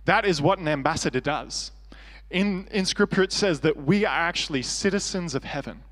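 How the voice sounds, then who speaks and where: A man's voice: a little high, lively intonation, normal speed, fairly bright tone, in a large hall. An Australian man preaching a sermon as pastor, earnest and conversational with self-deprecating humor.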